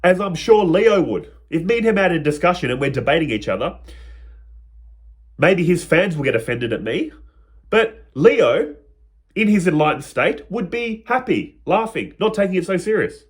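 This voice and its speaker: A man's voice: sits high, big pitch swings, moderate pace. A man hosting a spiritual video, talking in a casual, earnest way and stretching out lists of words. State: out of breath. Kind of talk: casual spiritual talk to camera.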